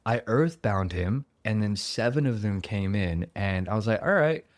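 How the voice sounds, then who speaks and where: Low-voiced man telling a lively story. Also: normal speed, no room sound. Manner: animated, laughing, swearing, acts out quotes. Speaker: podcast host and dungeon master. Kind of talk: casual storytelling chat.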